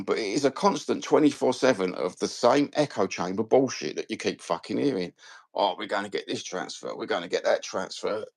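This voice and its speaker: A man's voice: medium pitch, gravelly, dry recording. Sweary Cockney man ranting casually. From London. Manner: animated, swearing, rambling slang-filled rant. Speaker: fan channel host. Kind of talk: casual live-stream chat.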